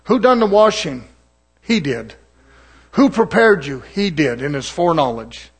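High-voiced fiery preacher man. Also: very animated, measured pace, husky. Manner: fiery, mocking, calls to the congregation. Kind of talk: sermon.

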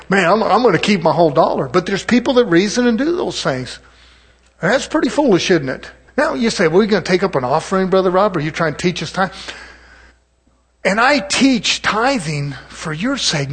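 Man preaching, husky voice, fairly high pitch, folksy asides. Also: fairly bright tone. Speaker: pastor. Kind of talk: sermon.

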